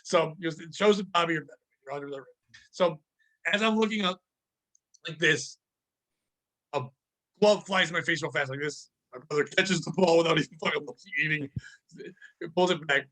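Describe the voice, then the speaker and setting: A man rants through a comedic podcast chat, swearing freely and piling joke on joke. His voice sits high and rings bright and forceful. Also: brisk, long pauses. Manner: profane, animated, ranting. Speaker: podcast host.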